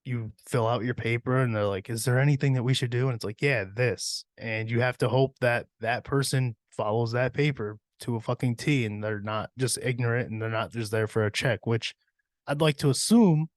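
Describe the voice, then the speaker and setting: A man's voice: medium pitch, no room sound. A man in his thirties hosting a podcast, telling rambling, profane stories and laughing through them. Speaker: podcast host. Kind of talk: casual storytelling monologue. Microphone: podcast mic.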